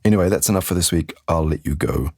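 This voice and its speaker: A man teaching English on a podcast, demonstrating useful phrases and steady, falling intonation. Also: deep voice, quick pace, vocal fry, no echo, studio quality. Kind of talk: podcast language lesson.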